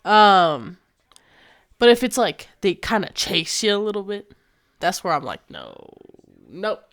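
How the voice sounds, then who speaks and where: A young woman telling a casual storytime vlog, animated and slangy, swearing freely and acting out what people said. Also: mid-range voice, a little slow.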